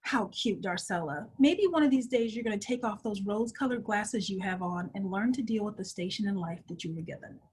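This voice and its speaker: A woman quoting a disdainful office manager in a low, quiet, condescending tone, with a husky voice. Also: brisk, few pauses, natural voice. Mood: scornful.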